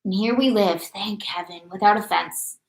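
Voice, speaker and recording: A woman's voice: on the high side, a little fast, vocal fry. A woman voicing a kindly little male Russian peasant soldier in a tender sing-song way, for an audiobook reading. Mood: soothing. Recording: echoey room.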